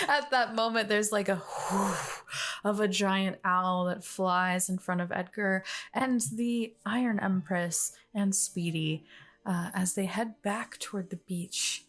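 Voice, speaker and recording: A woman's voice: medium pitch, fairly even intonation, slow pace, fairly bright tone. A woman narrating as game master of a fantasy storytelling game, in a casual, loose way with fillers.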